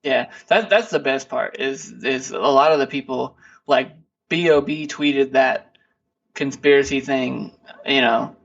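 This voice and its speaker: A man's voice: medium pitch, measured pace, vocal fry, fairly bright tone, distant mic, highs cut off. A man co-hosting a podcast, talking in a laid-back, rambling way with lots of fillers and restarts. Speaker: podcast co-host. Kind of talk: casual chat.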